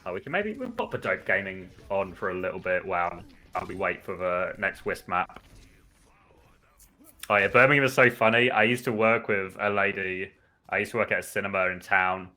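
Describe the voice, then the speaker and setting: A British man with a bright, forceful voice that sits fairly low, talking loosely and at length as he commentates a live game. He drifts into rambling asides, then jumps up in energy when the action heats up. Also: moderate pace. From United Kingdom. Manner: chatty and rambling, with excited bursts on plays. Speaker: esports commentator.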